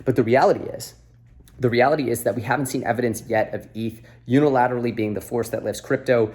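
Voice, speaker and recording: A man's voice: mid-range voice, fairly even intonation, fast talker, darkish tone. A man hosting a video update, a little out of breath after a workout, talking earnestly and bluntly with lots of fillers. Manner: earnest, lecturing, blunt advice with many fillers. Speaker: crypto video host. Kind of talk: casual straight-to-camera update. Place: beside an exercise machine.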